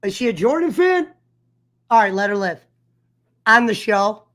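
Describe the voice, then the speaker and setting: This man's voice is high and sing-song, moving at a moderate pace with a slightly bright tone. He hosts an online sports talk show and launches into a fired-up, profane rant about a heated story, imitating others as he goes, in a casual livestream style.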